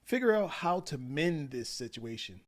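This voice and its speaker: Animated man, relationship coach. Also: on the high side, moderate pace. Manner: animated, acts out quotes, addresses viewers as y'all. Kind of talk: commentary vlog.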